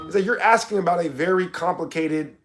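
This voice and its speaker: A man's voice: high-pitched, fairly bright tone, faint music behind. A man hosting a casual livestream, reading chat comments and answering them in an argumentative, mocking way. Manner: argumentative, mocking, drawn-out emphasis.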